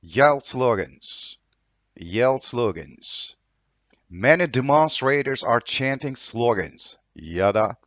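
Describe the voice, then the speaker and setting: A man's voice: medium pitch, animated, slow, a bit bright, dry recording, highs cut off. A man with a Turkish accent teaching English vocabulary, saying each word twice and reading an example sentence. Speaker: language teacher.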